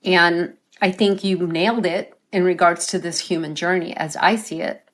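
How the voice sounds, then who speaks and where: A woman's voice: on the low side, fairly even intonation, moderate pace, fairly bright tone. A woman life coach, a guest on an interview show, telling stories earnestly and often ending her points with a tag question. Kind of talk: conversational interview storytelling.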